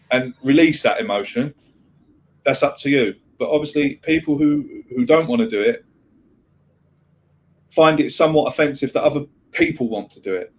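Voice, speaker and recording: A man co-hosting a casual podcast chat, rambling, repeating himself and swearing freely. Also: a little high. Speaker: podcast co-host.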